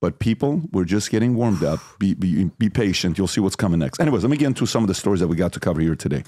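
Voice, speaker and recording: Male podcast host, brisk storyteller, lowish voice, dry close sound. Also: lively intonation, warm tone, no echo. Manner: brisk, storytelling, steers the talk. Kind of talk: casual podcast chat.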